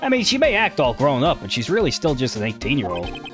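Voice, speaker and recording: A man voicing a gruff, loyal, middle-aged male police detective who keeps calling people "pal", in a game playthrough. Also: medium pitch, huge pitch swings, brisk, over music. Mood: concerned. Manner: drawls and ends sentences with "pal". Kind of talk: video game voice-over playthrough.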